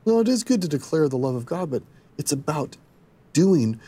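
Husky guy explaining bible verses, earnest and steady. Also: on the high side, moderate pace. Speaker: scripture teacher. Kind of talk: scripture discussion.

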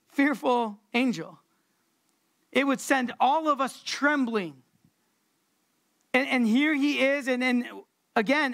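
A woman preacher delivers a relaxed, slangy, conversational sermon in a high-pitched voice, repeating words for emphasis.

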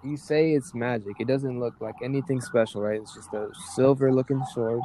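A man voicing a depressed old male village wizard who speaks quietly and hesitantly. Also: mid-range voice, fairly even intonation, normal speed, slight background noise, lightly acted. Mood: gloomy.

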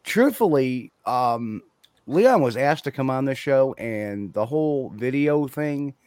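A man hosting an online panel discussion, explaining things in a measured way. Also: medium pitch, no room sound.

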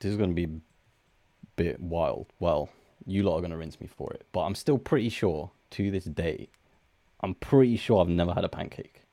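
A young man with a low voice chats hesitantly among friends, sounding a little sheepish. The recording is dry and close, with no room sound. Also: moderate pace, creaky, mellow, no echo. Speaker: podcast co-host. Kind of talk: casual chat with friends.

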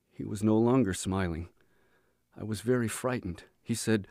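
A man reading a book aloud as an audiobook for his students, measured and earnest. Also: on the low side, warm tone, no echo, studio quality.

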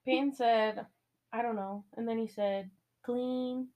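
A woman's voice: fairly high pitch, steady tone, slow, a little mellow. A woman in casual chat who giggles often and talks about her boyfriend. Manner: giggly, chatty.

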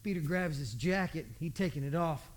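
High-voiced folksy male preacher. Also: moderate pace. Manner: folksy, animated, acts out voices in the story. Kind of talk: storytelling sermon.

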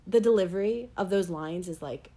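A young woman co-hosting a casual chat, talking in an animated, rambling way and laughing often. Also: medium pitch, normal speed. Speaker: podcast co-host. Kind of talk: casual chat about anime.

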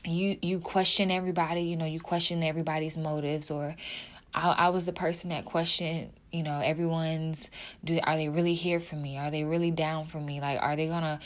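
Addressing her viewers, a young woman video creator talks about faith in a low, emotional voice that barely shifts in pitch and runs a little fast. The talk is heartfelt and casual, packed with fillers and repeated phrases.

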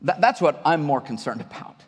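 A man's voice: on the high side, sing-song, fairly quick, slightly rough. A male pastor preaching a conversational sermon to his church, often restarting and repeating words. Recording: long hall reverb.

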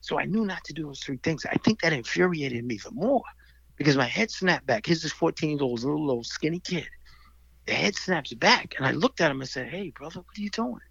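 A man's voice: on the high side, lively intonation, fairly quick, vocal fry, a bit bright, husky, no echo, muffled recording. A middle-aged man telling a story from his youth in casual conversation, animatedly acting out the voices of people in it. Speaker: guest storyteller.

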